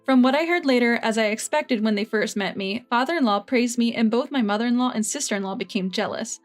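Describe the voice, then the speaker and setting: A woman narrating a first-person family story in an even, measured way. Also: a little high, faint music behind.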